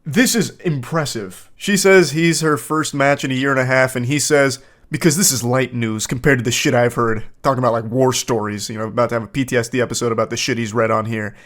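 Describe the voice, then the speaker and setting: A man in his thirties giving comedic commentary while reading text messages, mostly deadpan but breaking into incredulous outbursts. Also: mid-range voice, a little fast.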